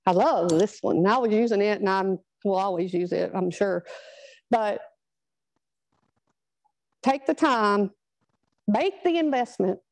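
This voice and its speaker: A woman's voice: mid-range voice, lively intonation, a little slow, long pauses, a little mellow, no echo, poor audio. A middle-aged woman, giving a chatty, earnest motivational talk to a live group. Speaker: speaker at a product training.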